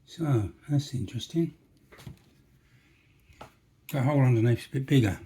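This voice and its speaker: A model railway hobbyist chats and jokes to himself as he works through a model-making job at his workbench. His mid-range voice is warm and husky, with lively intonation and a normal pace, and the feel is a casual workshop demonstration.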